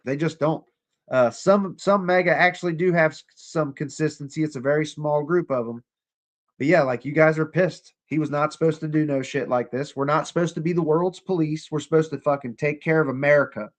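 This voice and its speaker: A man's voice: a little high, fairly quick. Profane sarcastic male livestreamer. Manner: profane, sarcastic, talks to chat. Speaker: livestream host. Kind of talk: casual livestream commentary.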